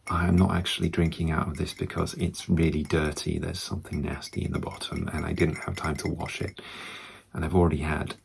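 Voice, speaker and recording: A man with a British accent, talking slowly and softly in soft-spoken ASMR, often slipping into whispers, close to the microphone. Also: a bass voice, gravelly, slight background noise. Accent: British English. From Britain. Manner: slow, soft speech drifting into whispers. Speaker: ASMR creator.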